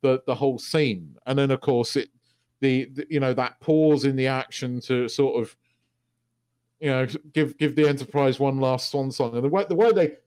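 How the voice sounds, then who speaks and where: A man talks films with a co-host in relaxed, unscripted chat, swearing freely. He acts out the lines he quotes. His voice sits at a middle pitch, and the recording is dry and close. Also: moderate pace, smooth, no echo. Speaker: podcast co-host. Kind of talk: casual film discussion.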